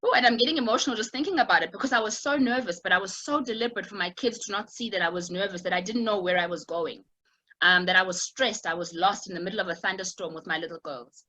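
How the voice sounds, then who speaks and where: A woman's voice: medium pitch, quick pace, bright, forceful tone, rough recording. A woman giving an online talk over a video call, telling a personal story in a reflective way with many small fillers.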